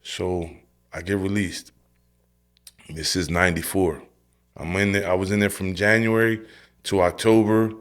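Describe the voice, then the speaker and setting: A man's voice: sits low, unhurried, long pauses. Streetwise man telling his testimony. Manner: animated storytelling, acting out his own past lines; streetwise, direct, says "bro" and "yo". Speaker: guest sharing his testimony. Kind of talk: personal testimony in a podcast interview.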